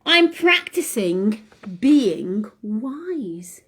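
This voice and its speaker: A woman voicing a lazy, cheeky young male owl who yells excitedly in a children's storybook reading. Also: drawn-out words, a little hiss or hum, full character voice. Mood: whiny. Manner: shrill, excited yelling.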